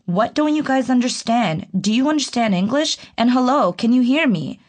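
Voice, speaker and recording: Fed-up little baby girl yelling to be understood, a woman reading it out, audiobook. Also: medium pitch, animated, moderate pace, lightly acted. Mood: frustrated. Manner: pleading, exasperated shouting. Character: frustrated baby girl trapped, demanding help.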